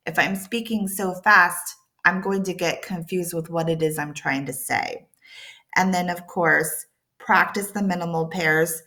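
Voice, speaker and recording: A woman teaching an accent reduction lesson, drilling consonant sounds with slow, careful enunciation. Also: fairly low pitch, a bit bright. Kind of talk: pronunciation lesson.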